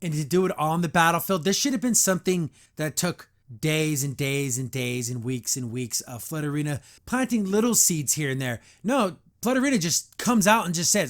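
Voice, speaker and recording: A podcast host with a voice on the high side casually reviews a cartoon at normal speed, barely pausing. His commentary is exasperated and sarcastic, packed with "like" fillers.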